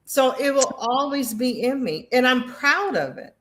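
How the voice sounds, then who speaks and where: A woman, a veteran guest, earnestly sharing personal stories in an animated way, often restarting her sentences. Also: high-pitched, a little slow. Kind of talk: casual personal storytelling.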